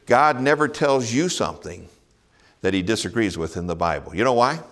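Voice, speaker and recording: A middle-aged pastor preaches with earnest conviction. His voice sits a little low, and he leans on rhetorical questions and chuckles softly between points. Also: lively intonation, moderate pace. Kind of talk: sermon.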